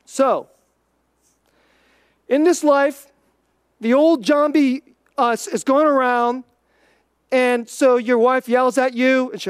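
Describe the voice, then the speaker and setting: A preacher giving an informal, conversational sermon, chatty and full of "like", swinging between quick bursts and slow, quiet emphasis. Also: high voice, smooth, no echo, clean studio sound.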